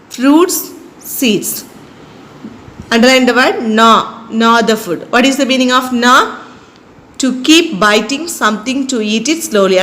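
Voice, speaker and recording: A woman teaching a primary school class, reading slowly from a textbook and spelling words out letter by letter for the children to underline. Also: on the high side, fairly bright tone, poor audio. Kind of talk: slow dictated classroom lesson.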